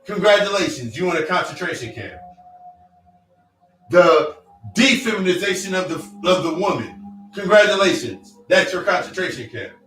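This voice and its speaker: A man with a raised, forceful voice preaches in a blunt, profane monologue and drives each point home with repetition. He sits back from the mic in a roomy, echoing space. Soft music plays underneath. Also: sits high, sing-song, moderate pace. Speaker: self-help speaker. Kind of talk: motivational monologue. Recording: echoey room, distant mic, faint music.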